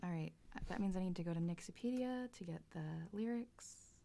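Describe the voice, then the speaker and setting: A woman's voice: on the low side, warm tone, a little hiss or hum. A woman in her thirties hosting a livestream variety show from home in a playful, campy manner. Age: 30s. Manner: playful, campy and quick-witted. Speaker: host. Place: home studio.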